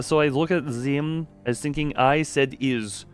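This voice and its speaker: A man's voice: mid-range voice, measured pace, smooth, faint music behind. A man streaming a game live, joking with chat and reading the subtitles aloud. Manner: jokey and animated, trying out voices.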